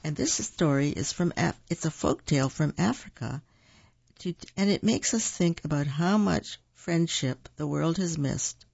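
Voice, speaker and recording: Husky-voiced man reading children's stories. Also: a little high, darkish tone, no echo, highs cut off. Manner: unpolished, corrects his own slips. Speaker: storyteller.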